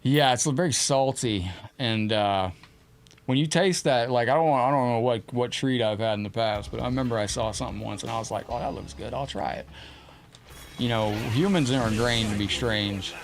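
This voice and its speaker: A man's voice: mid-range voice, moderate pace. A man streaming a fighting game, chatting casually with viewers and talking sweetly to his cat. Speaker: gaming streamer. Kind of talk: casual live-stream chat.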